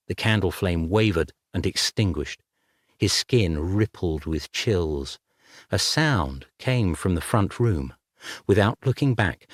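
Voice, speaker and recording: A man reading a dark fantasy novel aloud as scripted narration, in a measured, even way. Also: fairly low pitch, dry recording, clean studio sound. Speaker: audiobook narrator.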